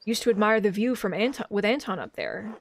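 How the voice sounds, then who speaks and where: A woman reading the lines of a grieving elderly father and widower in a game, in a slow, sorrowful storytelling manner. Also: medium pitch, expressive, a little hiss or hum, natural voice. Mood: fond.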